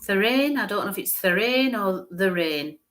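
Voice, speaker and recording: A chatty woman gives a live-streamed psychic reading in a mid-pitched voice. She describes things in detail and keeps checking in with her listeners. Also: animated, moderate pace, a bit bright. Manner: chatty, describes what she sees, often checks in with "okay?". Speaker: medium giving live readings.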